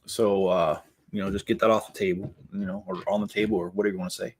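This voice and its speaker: A man's voice: sits low, little pitch movement, fast, slightly rough. A man hosting a casual livestream while building Lego. He rambles with plenty of fillers and keeps breaking into laughter.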